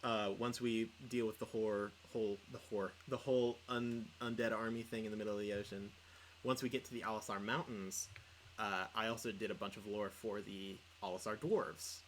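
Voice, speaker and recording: A man's voice: lowish voice, little pitch movement, moderate pace, a bit bright, a little hiss or hum, poor audio. Rambling young man chatting casually. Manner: rambling, heavy on filler words. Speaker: podcast co-host and player. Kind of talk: casual livestream chat.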